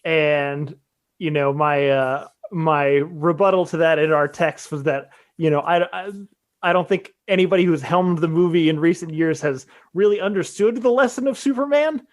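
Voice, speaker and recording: A man's voice: on the high side, normal speed. A man co-hosting a podcast, thinking aloud casually with hedges and restarts. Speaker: podcast co-host. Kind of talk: casual chat.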